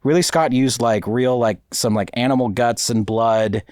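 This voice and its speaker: A man's voice: medium pitch, steady tone, normal speed, darkish tone, dry recording, clean studio sound. A man co-hosting a podcast, rambling and restarting as he explains in casual chat. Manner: rambling, many fillers and restarts. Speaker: podcast co-host.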